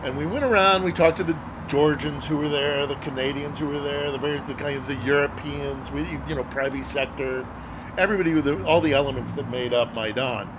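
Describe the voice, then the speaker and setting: A man's voice: on the high side, fairly even intonation, a little fast, background noise. A middle-aged man, a journalist guest, telling a story casually and earnestly, with many fillers and hesitations.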